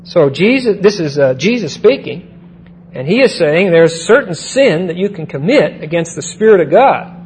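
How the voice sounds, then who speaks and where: A man's voice: high voice, sing-song, normal speed, darkish tone, a little hiss or hum, low-quality recording. A man teaching a Bible lesson in a sermon style, who often repeats key phrases and checks in with his listeners.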